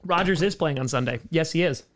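A man in his thirties chats casually on a home live stream, reading viewer comments aloud and riffing on them with sarcastic jokes. His voice sits a little high for a man. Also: fairly quick, a bit bright. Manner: jokey, sarcastic, reads chat aloud and riffs on it.

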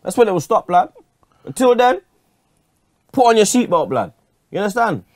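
A man's voice: high voice, sing-song, normal speed, no room sound, clean studio sound. A man ranting furiously as a fan pundit, swearing and ending lines with street slang. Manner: angry, swearing, street slang at every line end. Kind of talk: heated fan rant.

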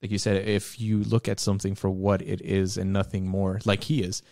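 A man's voice: low-pitched, completely flat delivery, normal speed, vocal fry, dark tone, dry recording, clean studio sound. A man co-hosting a casual book podcast, rambling and searching for his words. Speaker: podcast co-host.

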